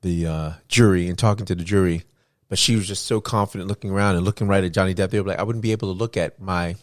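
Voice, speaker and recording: A man co-hosting a podcast, retelling events in a rambling, animated way with many restarts. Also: deep voice, quick pace, dry recording, clean studio sound. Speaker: podcast co-host. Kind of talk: casual podcast chat.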